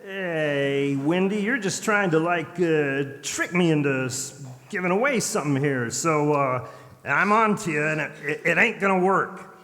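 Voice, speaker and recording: A man plays a masked hero as a lazy, stammering dude who fills every line with "like" and "uh". The voice sits a little high and moves slowly. A big hall rings around the stage mic. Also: lively intonation, sharp tone, exaggerated voice. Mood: bluffing. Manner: drawling, full of "like" and "uh", stammers. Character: laid-back, hesitant masked male hero. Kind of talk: live stage reading. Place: convention stage. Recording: reverberant convention hall.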